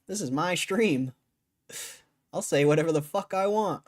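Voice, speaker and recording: A man's voice: on the high side, measured pace. Argumentative male streamer, casual and cussing. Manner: argumentative, swears, laughs between lines. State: tired after a long stream. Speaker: livestreamer. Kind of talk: casual live stream chat.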